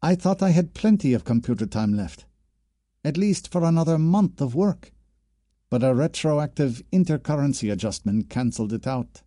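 A man voicing a brisk young woman grad student. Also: on the high side, lively intonation, mellow, no room sound, clean studio sound, pitched above the performer's own voice, lightly acted. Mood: frustrated. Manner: brisk, self-talking.

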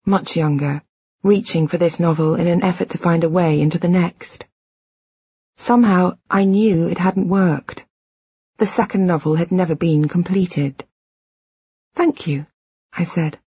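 A woman reading a first-person audiobook in a measured, reflective, quietly intimate way. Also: fairly low pitch, slightly rough, no echo, muffled recording. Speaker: audiobook narrator.

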